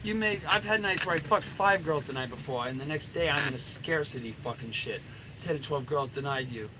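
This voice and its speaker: A man's voice: a little high, a little fast, noisy background. A middle-aged man, a dating coach, giving a blunt, profanity-laden and rambling coaching rant.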